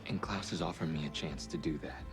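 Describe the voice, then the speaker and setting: An ambitious vampire leader speaks earnestly in a low, gravelly voice at a quick pace. Music plays clearly behind him in the TV clip. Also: male voice. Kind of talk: TV drama dialogue.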